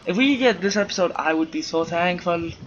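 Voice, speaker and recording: A man's voice: sits high, a little fast, dull audio, background noise. A man doing goofy, rambling let's play commentary, full of silly wordplay, over game sounds. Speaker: gameplay commentator.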